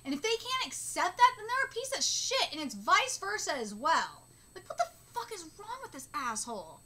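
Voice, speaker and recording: A woman's voice: very high voice, sing-song, moderate pace, sharp tone. A woman ranting indignantly and swearing in a live reaction to a manga chapter.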